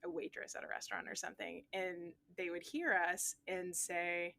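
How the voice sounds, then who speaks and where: A woman's voice: lowish voice, sing-song, moderate pace, creaky, bright, forceful tone. A woman from the South Shore of Nova Scotia with a Nova Scotian accent, a physics teacher giving a thoughtful, candid interview answer. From South Shore of Nova Scotia, Canada.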